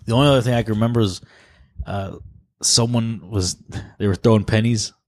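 A young man co-hosting a casual podcast chat, telling stories in a relaxed way with plenty of fillers. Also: on the low side, brisk, dry recording. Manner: relaxed, reflective storyteller with fillers. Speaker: podcast co-host.

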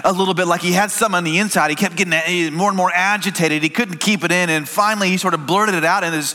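Bright-voiced preacher telling a story. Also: male voice, high voice, steady tone, fast talker. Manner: conversational storytelling with restarts. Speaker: pastor. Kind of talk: sermon.

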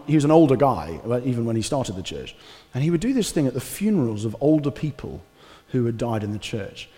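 Conversational pastor preaching in a hall. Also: male voice, medium pitch. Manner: conversational, animated preaching with asides. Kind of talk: sermon. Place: church hall. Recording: reverberant church hall.

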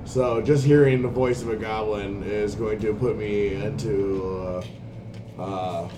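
A low-voiced man talks very slowly and hesitantly about his character's move. He is far from the mic, with clear background noise. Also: fairly even intonation. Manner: hesitant, with many fillers. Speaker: player. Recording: distant mic, noisy background.

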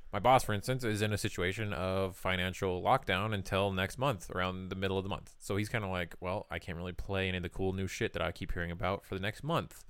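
A man's voice: low voice, steady tone, fast talker, few pauses, a bit bright, smooth, no echo. A man hosting a casual gaming podcast, laid-back and swearing freely as he runs the discussion. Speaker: podcast host.

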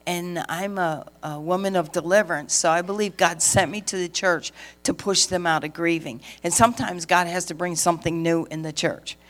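Middle-aged lady preaching her testimony, kinda low voice, acts out the dialogue as she goes. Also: moderate pace, hardly any pauses. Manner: lively storyteller who acts out the dialogue and laughs. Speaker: pastor's wife and preacher. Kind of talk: sermon testimony.

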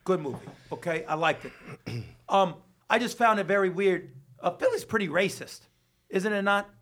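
A man's voice: high voice, expressive, moderate pace, a bit bright. A man hosting a podcast, telling rambling stories in casual, profane chat. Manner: profane, storytelling. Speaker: podcast host.

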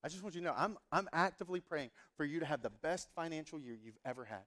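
A man's voice: a little high, fast talker. A man in his thirties, a pastor telling a humorous story in a sermon and acting out the dialogue. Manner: animated, humorous, acts out dialogue.

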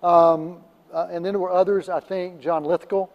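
Rambling male film critic, slightly high. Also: flat delivery, moderate pace, big-room sound, muffled recording. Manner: rambling, many fillers and restarts. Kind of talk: casual radio chat.

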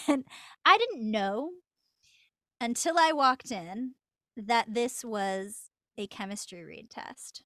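A woman's voice: on the high side, animated, slow, sharp tone, no room sound, clean studio sound. A woman voice actor, a podcast guest, telling a story with lots of laughter and acted-out quotes. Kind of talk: casual storytelling interview.

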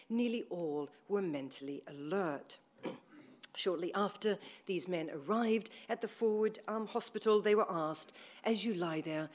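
A woman's voice: on the low side, a little mellow. A woman giving a history lecture to an audience, reading from her notes, with frequent ums and self-corrections. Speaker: academic lecturer. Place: room with an audience.

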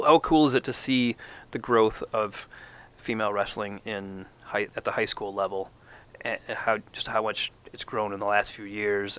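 A man's voice: fairly low pitch, sharp tone, smooth. A man co-hosting a sports podcast, interviewing young athletes in a chatty, easygoing way. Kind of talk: casual interview.

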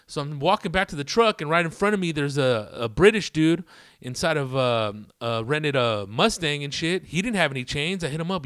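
A man's voice: on the high side, animated, normal speed, fairly bright tone, no room sound, studio quality. A young man telling a rambling story in a casual, profane, slang-heavy way to his viewers. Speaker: vlogger.

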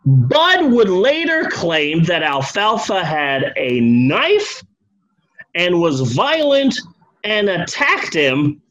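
Guy with a high animated voice telling a funny story, cusses a lot. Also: slow, muffled recording. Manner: loose, profane, acts out characters' voices. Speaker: podcast host telling a history story. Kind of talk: casual comedic storytelling.

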